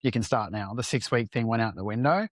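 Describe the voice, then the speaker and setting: A man's voice: medium pitch, fairly quick, no room sound. Man, entrepreneur guest on a podcast, mid-range voice, candid storyteller who swears casually, dry close recording.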